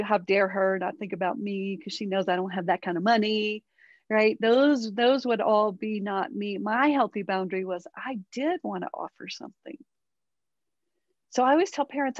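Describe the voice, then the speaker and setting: Middle-aged woman, expressive interview guest; dry, muffled lo-fi mic. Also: medium pitch, dry recording. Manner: animated, acts out quoted dialogue, many tag questions. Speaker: parenting expert guest. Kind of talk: interview conversation.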